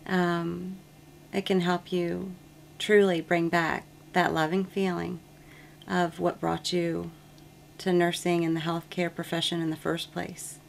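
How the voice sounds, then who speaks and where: A woman's voice: on the low side, level tone, slow, creaky, slight background noise. A woman nurse telling an earnest, reflective story about her work, with frequent ums. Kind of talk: testimonial interview.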